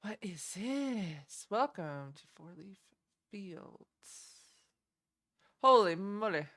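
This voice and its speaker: A woman's voice: mid-range voice, expressive, extremely slow, fairly bright tone. A young woman streaming, chatting casually and giggling as she reacts to game trailers. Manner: chatty, giggly, easily delighted.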